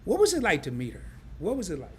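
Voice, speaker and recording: A man's voice: high-pitched, huge pitch swings, fast, a little hiss or hum. Chatty man hosting a live stream. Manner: chatty, reads comments aloud. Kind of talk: casual live-stream interview.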